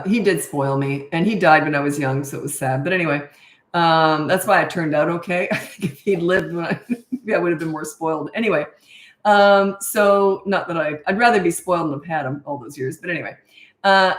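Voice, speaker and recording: Chatty woman in her sixties, lower-pitched. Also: a little fast, reverberant. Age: 60s. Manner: chatty storyteller with frequent fillers and laughs. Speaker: parenting coach. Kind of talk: casual livestream Q&A.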